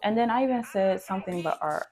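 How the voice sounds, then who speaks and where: A woman's voice: medium pitch, expressive, fast talker. A woman, telling a blunt, profane storytime rant about a falling-out with a friend. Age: 20s. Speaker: vlogger. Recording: music playing loudly behind.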